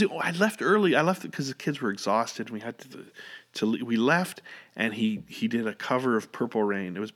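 A man's voice: mid-range voice, expressive, moderate pace, fairly bright tone. A middle-aged man telling stories in a casual, rambling monologue, swearing freely and full of fillers and restarts. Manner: rambling, profane and enthusiastic, many fillers.

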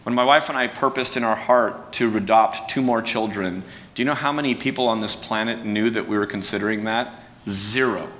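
A man preaching in a relaxed, conversational way, folksy and self-deprecating, with restarts and fillers. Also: brisk. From California. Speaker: pastor. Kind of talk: conversational sermon talk. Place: church sanctuary. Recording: distant mic with long hall reverb and faint rumble.

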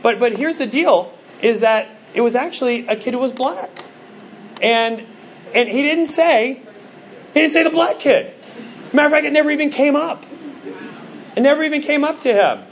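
A middle-aged male pastor preaching a sermon, telling stories with animated, acted-out quotes. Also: very high-pitched, normal speed, long pauses, slight background noise. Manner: animated storytelling, acts out quoted voices.

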